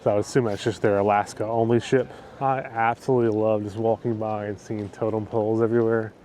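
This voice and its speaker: Strolling a town wharf outdoors, this man narrates his travel vlog in a chatty, enthusiastic manner. His fairly low, slightly mellow voice moves fast with little pitch variation, and there's slight background noise.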